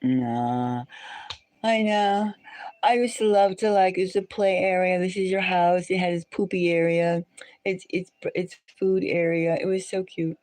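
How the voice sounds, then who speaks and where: A woman's voice: on the low side, fairly even intonation, measured pace, darkish tone. A woman hosting a live stream, chatting casually with viewers in a rambling way and repeating phrases over and over.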